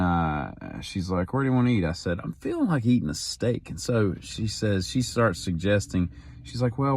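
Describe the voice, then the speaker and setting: A man's voice: low-pitched, no echo. Rambling, wry middle-aged man. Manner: rambling, wry, jumps to loud mock-outraged quotes. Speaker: daily vlogger. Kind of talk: casual storytelling monologue.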